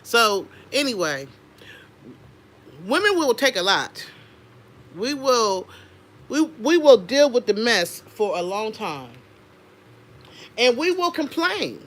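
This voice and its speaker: Sex: woman. Role: livestream host. Style: unscripted casual chat. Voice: bright, forceful. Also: a little high, slow pace, long pauses. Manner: animated, chatty, addresses viewers directly.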